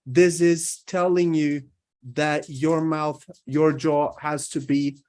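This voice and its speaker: A man's voice: on the high side, level tone, takes it slowly, a little mellow. A man from Brazil teaching English pronunciation in a recorded lesson, holding out vowel sounds to demonstrate them and checking in with his listeners again and again. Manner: checks in often with "right?".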